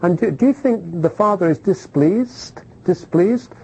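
A middle-aged man preaching a sermon, animated, throwing rhetorical questions at the congregation and checking in with "okay?". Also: high-pitched, a little slow, vocal fry, husky, rough recording.

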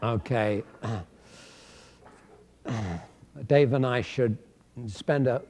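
A male pastor from England preaching a sermon, swinging between loud emphatic declarations and quiet storytelling. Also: mid-range voice, very slow, slight background noise.

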